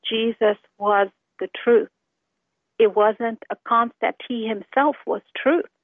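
A woman's voice: fairly high pitch, fairly even intonation, takes it slowly, dry recording. A woman giving an earnest, heartfelt personal testimony about her faith. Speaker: testimony speaker. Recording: tinny phone-line sound, dry.

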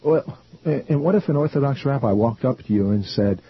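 A man's voice: mid-range voice, animated, a little fast. A man with a mid-range voice hosts a radio interview and asks curious, prompting questions. The sound is dull, with a slight hiss underneath. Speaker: host.

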